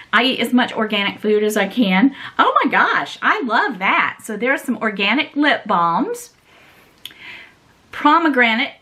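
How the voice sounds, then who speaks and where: A woman's voice: fairly high pitch, sharp tone. A woman vlogger unboxing gifts in a casual chat, gushing and sentimental, often breaking into laughter. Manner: sentimental and emotional.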